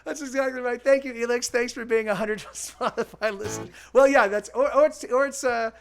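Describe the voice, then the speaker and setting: A man in his forties talks with a fairly high voice, chatting loosely with viewers on a music stream. He rambles, restarts his sentences and swears without a second thought, while a guitar plays faintly behind him. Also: steady tone, normal speed, a bit bright. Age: 40s. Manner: rambling, full of restarts and repeats; candid, swears freely. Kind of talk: casual chat with stream viewers.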